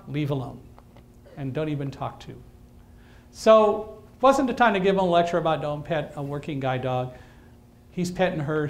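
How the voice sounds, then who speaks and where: With a slightly high voice, a male guest speaker entertains an audience with a lively, dryly humorous story, acting out what the people in it said.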